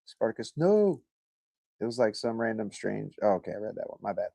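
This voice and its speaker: A man's voice: lowish voice, very animated, fairly quick, gravelly, mellow, dry recording. A man hosting a livestream, chatting casually and reading viewer comments, rambling, joking and swearing a lot. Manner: laid-back and rambling. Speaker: livestream host.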